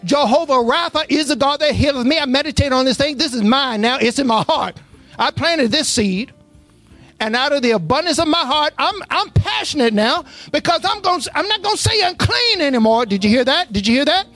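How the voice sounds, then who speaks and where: This call-and-response church sermon comes from a high-voiced, fairly quick preacher, with faint music behind. Scripture is read aloud and the congregation is quizzed on missing words before things build from steady reading into passionate preaching.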